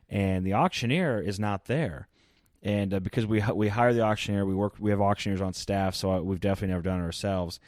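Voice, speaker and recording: A man's voice: fairly low pitch, a little mellow, no room sound, clean studio sound. A man with a Midwestern American accent, a podcast guest telling stories in an easygoing way and laughing as he goes. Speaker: podcast guest, land sales manager. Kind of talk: casual storytelling chat.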